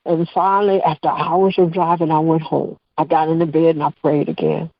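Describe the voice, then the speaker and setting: A woman guest, telling a personal story on a radio talk show and acting out the dialogue with lively energy. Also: fairly low pitch, normal speed, no echo. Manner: animated storyteller who acts out dialogue. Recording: dull, dry radio-show audio.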